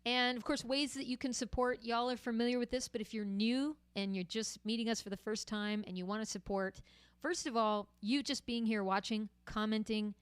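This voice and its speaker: Woman hosting a livestream, chatty, smooth clear voice, dry close sound, mid pitch. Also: no echo. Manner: chatty and friendly, with frequent fillers. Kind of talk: casual livestream chat to viewers.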